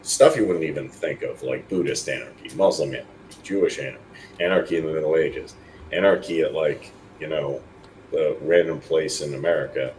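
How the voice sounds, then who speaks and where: A man's voice: extremely low pitch, fairly quick, a little mellow, a little hiss or hum, poor audio. A man talking casually as a podcast co-host, rambling through lists of examples over an online voice call. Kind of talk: casual discussion.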